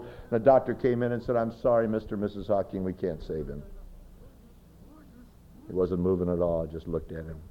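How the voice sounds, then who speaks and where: A man's voice: medium pitch, highs cut off. A male pastor preaching a sermon, telling personal stories emphatically and speaking straight to his listeners. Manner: emphatic storytelling, direct address to listeners.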